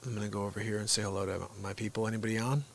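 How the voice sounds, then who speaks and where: A man's voice: on the low side, fairly even intonation, rapid-fire, vocal fry. A man chatting casually with his viewers while hosting a livestream. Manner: chatty, talks straight to viewers. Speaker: livestream host.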